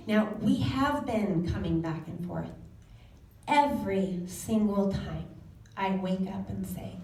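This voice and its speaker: A woman in her forties giving a personal talk to an audience, telling stories in a lively way and laughing often. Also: mid-range voice. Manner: animated storytelling with laughs. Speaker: speaker. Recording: echoey room, mic from a distance.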